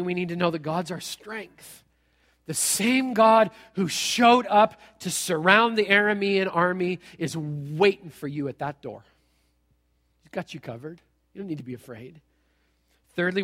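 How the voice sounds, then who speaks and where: Animated preaching man, high bright voice. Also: long reverb tail. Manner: animated storytelling, acts out characters, jokey. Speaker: pastor. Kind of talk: sermon.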